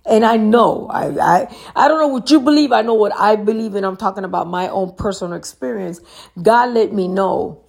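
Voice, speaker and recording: Earnest woman with a gravelly voice. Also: mid-range voice, moderate pace, a little mellow. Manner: earnest, rhetorical questions to the listener. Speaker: motivational speaker. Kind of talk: motivational talk.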